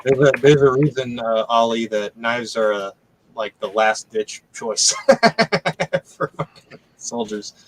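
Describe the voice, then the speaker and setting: Man, mid pitch, very animated intonation, blunt, drawn-out, swears, casual live stream chat. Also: low-quality recording.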